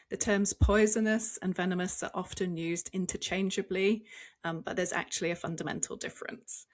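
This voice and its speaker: Measured woman explaining science. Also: medium pitch. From United Kingdom. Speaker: zoologist co-host. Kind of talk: explaining facts in a podcast.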